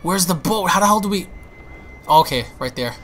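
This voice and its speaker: A young man giving excitable, panicky gameplay commentary, stammering and restarting as he plays. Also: high-pitched, moderate pace, a little hiss or hum. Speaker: gaming YouTuber.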